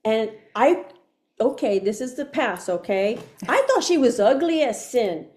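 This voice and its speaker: Animated woman telling her testimony. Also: a little high, unhurried. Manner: animated, acts out inner voices, laughs often. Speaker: guest sharing testimony. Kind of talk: emotional storytelling.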